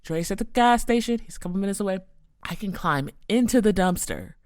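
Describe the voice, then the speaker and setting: A woman's voice: mid-range voice, expressive, fairly quick, dry recording, clean studio sound. A young woman hosting a podcast, telling a story in a casual, rambling way full of "like" fillers. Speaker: podcast host.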